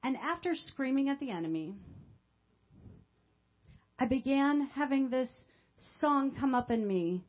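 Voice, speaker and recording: High-voiced woman pastor giving testimony. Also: expressive, a little slow, pauses often, highs cut off. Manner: emotional storytelling, swinging from quiet to loud cries. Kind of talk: personal testimony in a sermon.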